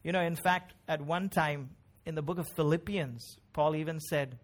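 A man's voice: a little high, moderate pace. A middle-aged man preaching a sermon in a conversational, emphatic way, often asking "right?" and "you know?". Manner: conversational, emphatic preaching with frequent tag questions. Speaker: pastor.

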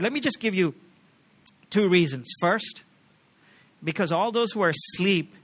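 A man preaching in a church with a high, bright, forceful voice. He keeps asking the congregation questions in an earnest tone. His delivery drops to hushed, gentle passages, then rises to loud, emphatic peaks. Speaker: pastor. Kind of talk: sermon.

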